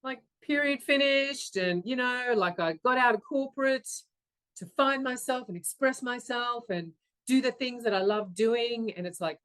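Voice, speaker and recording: A woman's voice: a little high, normal speed, fairly bright tone. A middle-aged woman, telling a personal story and acting out her inner voice in a self-mocking way. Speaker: speaker. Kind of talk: storytelling talk.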